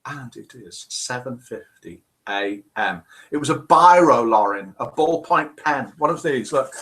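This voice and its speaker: A man's voice: mid-range voice, expressive, measured pace, fairly bright tone. A man hosting a casual live stream, chatting and reading out viewer messages. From England. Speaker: live show host.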